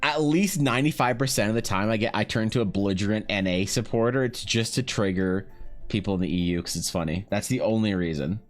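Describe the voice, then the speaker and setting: A man's voice: on the low side, animated, fast talker, soft background music. A man, chatting on a livestream in a joking, slangy way, swearing and laughing. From Canada. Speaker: art streamer. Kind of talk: casual livestream chat.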